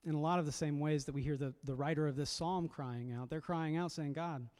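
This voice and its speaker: Man, pastor, conversational sermon, reflective, mellow tone, slightly high voice. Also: steady tone, a little fast. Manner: conversational, reflective preaching with repeated words.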